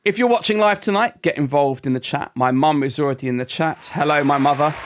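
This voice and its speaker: A man's voice: on the high side, quick pace, some chatter behind, a little hiss or hum. A man hosting a casual fantasy football podcast, upbeat, chatty and joking with his co-hosts. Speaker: podcast host.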